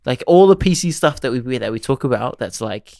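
A young man in casual, animated banter with a friend. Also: mid-range voice, brisk, vocal fry, dry recording, clean studio sound. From New Zealand. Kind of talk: casual chat.

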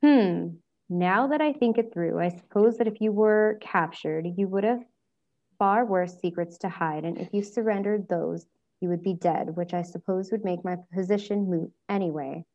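A woman's voice: on the low side, moderate pace, a little mellow, muffled recording, natural voice. A woman voicing a brooding, sardonic older male wizard who drawls his lines dryly. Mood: drawling. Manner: dry, drawling.

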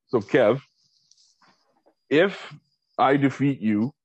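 A man's voice: medium pitch, slightly rough, no room sound. A man co-hosting a podcast in casual, easygoing banter. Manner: easygoing, lots of quick agreement. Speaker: podcast co-host. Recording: dry, dull lo-fi sound.

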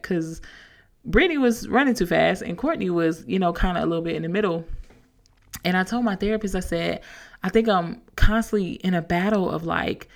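Creaky-voiced woman telling a story. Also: fairly low pitch. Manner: animated storyteller, slangy and chatty. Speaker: podcast host. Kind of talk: casual motivational talk.

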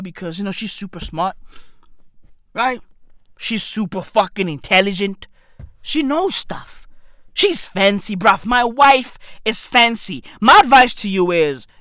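High-pitched, animated ranting man. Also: dry recording. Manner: animated, swearing, exaggerated mock outrage, repeats "bruv"; breaks into shouts and squeaky high-pitched bursts. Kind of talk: profane comedic rant.

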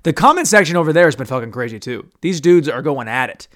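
A man's voice: a little high, expressive, fast talker, a bit bright. A man hosting a casual podcast on his own, rambling crudely and mocking himself as he talks. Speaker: podcast host. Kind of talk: casual solo podcast monologue.

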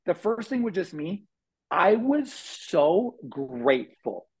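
A man telling his life story as a guest on an interview podcast, animated, acting out quotes with lots of fillers. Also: high voice, slow pace, breathy edge, low-quality recording.

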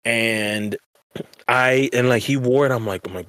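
A man's voice: medium pitch, measured pace, a bit bright, dry recording. Male podcast co-host, rambling slangy storyteller, dry close mic. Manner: rambling, slangy, many restarts. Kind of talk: casual chat.

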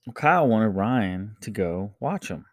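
A man in his thirties hosting a casual solo podcast. He tells a family story in a lively, animated way, laughing often and jumping into high voices. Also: a little slow, no echo, studio quality. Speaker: podcast host.

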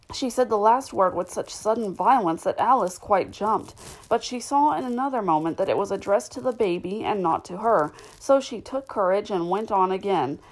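A woman narrating a classic children's story in a measured, clear storytelling manner, with the odd slip. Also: medium pitch, animated, rough recording. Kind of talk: audiobook reading of a classic novel.

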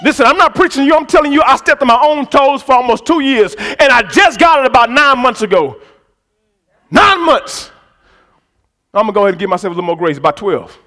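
High-voiced preacher swinging soft to shouting. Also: male voice, animated, fairly quick. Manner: swings from quiet conversational asides to loud shouted preaching; talks directly to the congregation with call-and-response prompts. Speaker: pastor. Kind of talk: sermon.

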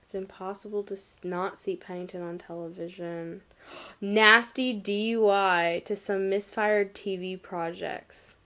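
A woman's voice: medium pitch, fairly even intonation, unhurried, sharp tone. Chatty woman reading search results aloud. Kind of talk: casual chat.

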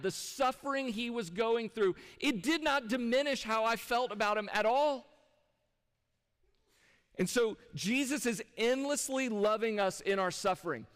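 A male pastor with a notably high voice delivers a sermon in an easy, conversational way, often turning to the congregation with questions. His words ring out with a long reverb from a large church hall. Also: a bit bright, clear, resonant tone. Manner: conversational, with rhetorical questions to the audience. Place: church sanctuary.

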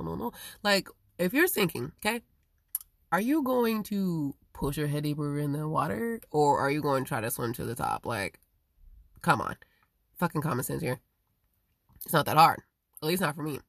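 Low, gravelly woman ranting. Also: no echo, studio quality. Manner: profane and emphatic, swings between loud outbursts and muttering. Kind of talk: rambling casual monologue.

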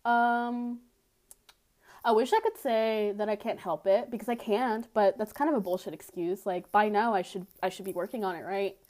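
A woman's voice: mid-range voice, fairly even intonation, moderate pace, a little mellow. A young woman with a mid-range voice talks through a personal story on her podcast. She is blunt and candid, and her speech is loose and rambling, full of fillers and casual swearing. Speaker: podcast host. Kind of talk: confessional storytelling monologue.

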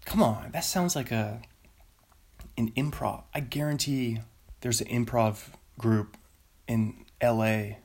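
A man hosting a casual podcast, rambling and joking at himself, who breaks into silly high-pitched bits before reading a plot recap. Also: slow pace, a little mellow. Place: home.

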